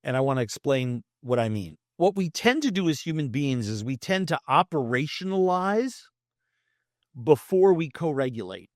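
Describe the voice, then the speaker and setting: A man's voice: mid-range voice, expressive, normal speed, no room sound, clean studio sound. An older man in his sixties, a guest in an interview, telling stories animatedly and acting out the quoted dialogue. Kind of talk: conversational interview talk.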